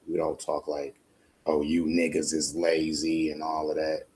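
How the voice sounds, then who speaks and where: Late-night host, man, very deep and gravelly, blunt and cussing. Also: warm tone. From United States. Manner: blunt, profane, emphatic. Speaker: podcast host. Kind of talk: casual monologue.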